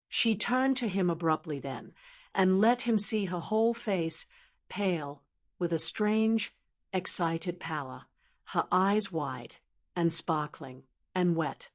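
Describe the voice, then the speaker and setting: Ai woman voice reading an old novel, lowish pitch, steady. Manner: even, measured synthetic delivery. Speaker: narrator. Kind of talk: scripted narration.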